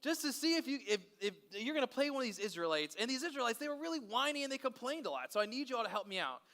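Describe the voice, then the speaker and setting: High bright energetic children's pastor man. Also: very fast. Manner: energetic, playful, chatty. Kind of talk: interactive Bible story for kids.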